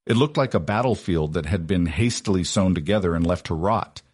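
Low, husky male storyteller. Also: brisk, darkish tone, no room sound, clean studio sound. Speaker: narrator. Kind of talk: scripted storybook narration.

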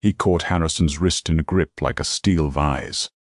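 Deep-voiced male story narrator. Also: fairly even intonation, no echo, studio quality. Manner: dramatic, measured storytelling. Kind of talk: scripted narration.

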